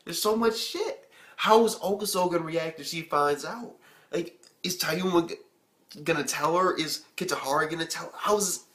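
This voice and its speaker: Young male anime reviewer, slightly high voice, swears a lot and rambles excitedly. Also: moderate pace, echoey room. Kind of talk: casual video review.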